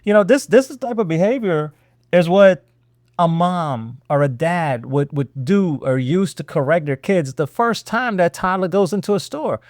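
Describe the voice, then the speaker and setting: A man hosting political reaction commentary, his fairly high voice swinging up and down as he needles listeners with rhetorical questions. The delivery is sarcastic and animated. The recording is dry and close. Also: moderate pace, no echo. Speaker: host.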